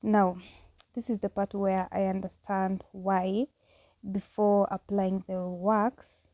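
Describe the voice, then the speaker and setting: Woman from Kenya, casual how-to vlog, unhurried, warm low tone, dry close sound. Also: little pitch movement, no echo. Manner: chatty and candid, laughing at herself. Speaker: vlogger.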